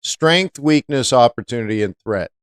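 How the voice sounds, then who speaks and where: A man's voice: mid-range voice, lively intonation, normal speed, clean tone, no echo, clean studio sound. A man hosting a live-stream trading lesson, chatty, often asking viewers rhetorical questions. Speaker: trading educator.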